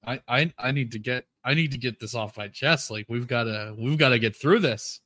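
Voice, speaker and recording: A man's voice: mid-range voice, normal speed, bright, forceful tone, dry recording, studio quality. A man co-hosting a casual podcast, talking in a sarcastic, fed-up way. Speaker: podcast co-host.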